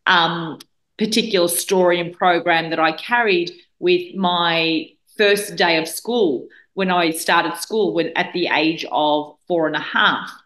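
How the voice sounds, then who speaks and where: A woman's voice: lowish voice, slow, a bit bright. A woman in her forties who grew up in Australia, a guest telling a personal story in an earnest way, often restarting her sentences. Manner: earnest, with frequent restarts and fillers. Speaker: guest speaker. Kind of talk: reflective storytelling in conversation. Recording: roomy echo.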